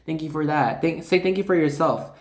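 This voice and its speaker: This is a chatty, excitable tarot reader talking straight to the viewer, with a voice that sits in a middle pitch. The delivery is loose and full of fillers and quick asides. The voice rings with a noticeable room echo. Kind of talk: casual spiritual card reading. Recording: echoey room.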